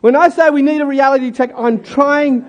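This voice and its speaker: A man's voice: extremely high pitch, steady tone, moderate pace. A man preaching a sermon in a jokey, conversational way and talking directly to his congregation. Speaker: pastor.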